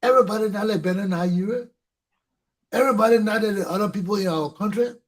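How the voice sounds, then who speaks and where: A middle-aged Liberian man hosts his talk show in a fiery, impassioned monologue. His voice sits fairly high with a husky, rough edge. He hammers his points home by repeating them and swearing. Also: fast, poor audio. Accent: Liberian English.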